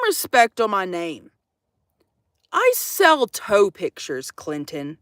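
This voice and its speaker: A woman's voice: medium pitch, wildly swooping pitch, slow, no echo, clean studio sound. A young woman chatting casually and sassily on a livestream from her van, swearing and teasing her viewers. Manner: swearing, teasing, sassy, addresses viewers as y'all. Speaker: vanlife livestreamer.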